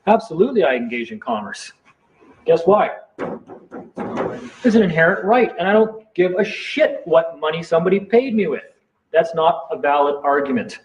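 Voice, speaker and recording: A man's voice: a little high, big pitch swings, normal speed. A man telling a heated, defiant story in a casual late-night chat, swearing freely. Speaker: live stream participant. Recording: dull lo-fi sound with faint noise.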